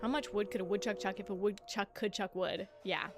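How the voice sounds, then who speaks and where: Over background music, a woman chats on a live stream as she games, playful and casual, frequently giggling and tripping on tongue twisters. She speaks fairly quickly in a medium pitch with a steady tone.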